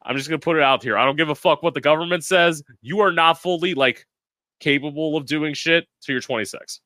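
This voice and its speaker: A man's voice: fairly high pitch, fairly quick, sharp tone, dry recording. Candid young man, dry close sound. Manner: candid, dramatic, profane. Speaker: guest. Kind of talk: telling a personal story.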